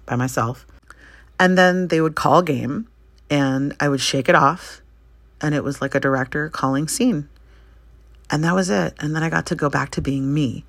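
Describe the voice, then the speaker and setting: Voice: medium pitch, no room sound. A podcast host in their forties from Northern California, giving a candid, conversational motivational monologue with casual swearing and direct advice.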